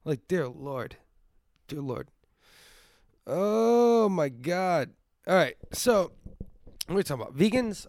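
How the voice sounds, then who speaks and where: Podcast host, young man, sick and congested, profane rambling comic monologue, slightly high voice, dry close sound. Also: big pitch swings, slow pace, pauses often, a little mellow, no echo. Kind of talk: casual comedic monologue.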